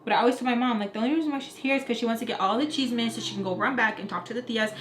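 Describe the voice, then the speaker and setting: A young woman with a Utah American accent tells a story-time vlog in a fairly high voice, racing through it. She's animated and acts out her family members' voices as she casually recounts the personal tale. The room is echoey, with faint noise.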